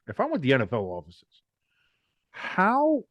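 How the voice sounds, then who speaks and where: Sports podcast co-host, man, animated, profane, ranting; dry, close sound. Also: a little high, a little slow, dry recording, lo-fi sound. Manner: animated, swears freely, ranting. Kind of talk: casual sports chat.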